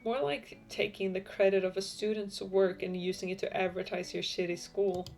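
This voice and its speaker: A woman's voice: mid-range voice, steady tone, moderate pace, gravelly, a little mellow, soft background music. A young woman playing a visual novel, reading the story text aloud and adding playful, joking asides. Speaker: gameplay streamer.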